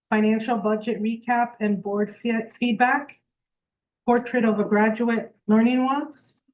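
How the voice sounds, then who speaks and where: A woman chairing a school board meeting, reading out the date, the members present and the agenda in a steady official tone. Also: fairly high pitch, rough recording. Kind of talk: formal meeting procedure.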